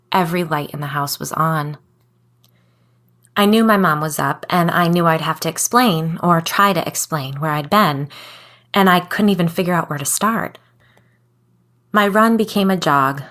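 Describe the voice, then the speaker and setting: A woman, a podcast guest, reading a creepy first-person story aloud in a calm, measured way. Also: fairly low pitch. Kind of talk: scripted narration of a creepy story.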